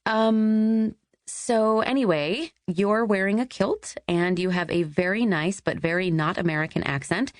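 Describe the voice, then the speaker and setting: A woman's voice: mid-range voice, unhurried, no room sound, studio quality, close to an everyday voice. A woman voicing an exuberant, chatty young woman. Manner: bubbly, eager.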